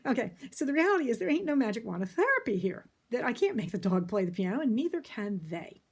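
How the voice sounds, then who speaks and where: A middle-aged woman therapist talks through a point in a casual, folksy way. Her voice sits a little high and swings widely in pitch. She is emphatic and laughs easily. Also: sing-song, fast, background noise. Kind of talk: casual talk about therapy.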